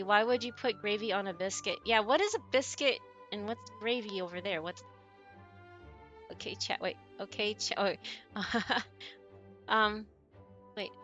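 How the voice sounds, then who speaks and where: A woman's voice: medium pitch, fairly bright tone, muffled recording. A woman streamer chatting casually with her viewers while she plays a game, giggling often and answering messages from chat.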